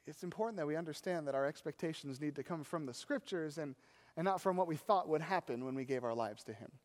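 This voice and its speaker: A man preaching a sermon as pastor, animated and full of rhetorical questions. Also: on the high side, fast, in a large hall.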